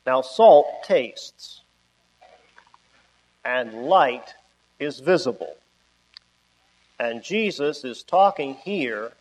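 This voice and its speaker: Male preacher, slow and emphatic, pitch leaping on key words. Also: long reverb tail, low-quality recording. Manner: emphatic, with sudden rises on key words and drawn-out phrases. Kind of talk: sermon.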